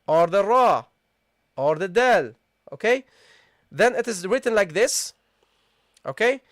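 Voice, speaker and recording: A teacher leads a live online language lesson with a patient, repetitive style, often stopping to ask the class if they follow. The voice sits at a middling pitch. The sound is dry, with almost no room around it. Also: no room sound. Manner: patient, repeatedly checks in with "okay?" and "guys"; repeats key points and asks the class questions. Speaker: Arabic teacher.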